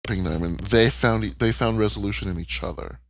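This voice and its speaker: With a voice on the low side and a brisk pace, a man co-hosts a podcast with no room sound on the recording. He's casually recapping a cartoon, candid and emotional, swearing freely.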